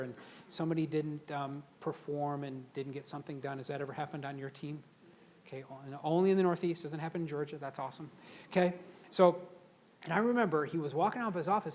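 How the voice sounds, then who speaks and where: A middle-aged man giving a lively leadership seminar, often throwing questions to the audience. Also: on the high side, slight background noise. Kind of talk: live seminar talk to an audience.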